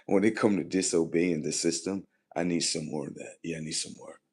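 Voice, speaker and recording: A man with a very low voice and a husky, grainy edge talks casually to his livestream. He rambles and repeats himself, swears often, and shifts between low muttering and louder, punchier bursts. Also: steady tone, a little fast. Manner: rambling, repetitive and profane, drifting between muttering and loud emphasis. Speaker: livestream host.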